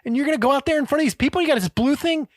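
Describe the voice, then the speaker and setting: A man's voice: extremely high pitch, rapid-fire, dry recording, studio quality, pitched above the performer's own voice. A man putting on a furious middle-aged male chef who screams and swears at his staff. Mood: furious screaming.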